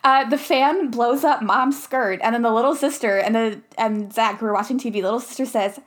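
Giggly young woman, slightly high voice. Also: a little fast. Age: young adult. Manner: giggly, talks with many likes. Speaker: podcast co-host. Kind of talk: casual chat recapping a movie.

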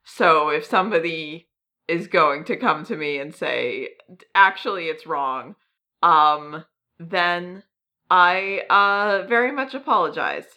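A woman's voice: on the low side, animated, slow pace, pushed and bright. A woman co-hosting a podcast in casual chat, talking in a hesitant way with many ums and self-deprecating asides. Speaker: podcast co-host.

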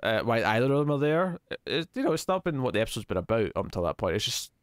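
A man chats casually as a podcast co-host, rambling in a jokey, animated way. His voice sits at an ordinary middle pitch. The recording is dry and close, with no room echo. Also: racing. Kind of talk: casual chat reviewing a TV episode.

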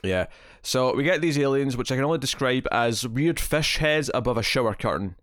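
A man's voice: medium pitch, brisk, no room sound. Man animatedly recapping in a dry room. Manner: rambling, animated recapping of episode scenes. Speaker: podcast co-host. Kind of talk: casual chat.

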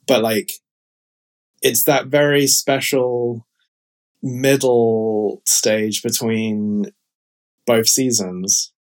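A man talking casually on a podcast, rambling along with lots of fillers and restarts. His voice sits at an ordinary middle pitch for a man. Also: little pitch movement, very slow, pauses often. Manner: chatty, rambling, frequent fillers. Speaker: podcast co-host. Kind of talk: casual chat.

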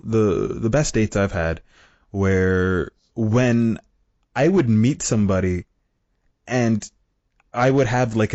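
A man's voice: on the low side, no echo. A man guesting on a podcast, chatting casually, hesitant and full of "like" fillers. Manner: animated, hesitant, many "like" fillers. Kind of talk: casual chat. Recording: dry dull lo-fi sound.

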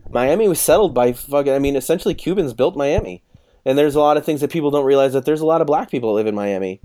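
A man's voice: medium pitch, quick pace. A man in his thirties telling a rowdy story in casual chat, swearing freely and acting out what others said. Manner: profane, animated storyteller acting out quotes.

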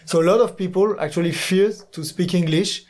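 A young man from France talks in English with a clear French accent, his voice sitting slightly high. He speaks hesitantly, stopping to search for words. It is a relaxed podcast chat. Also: fairly quick. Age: young adult. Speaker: exchange student guest. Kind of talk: casual podcast conversation.

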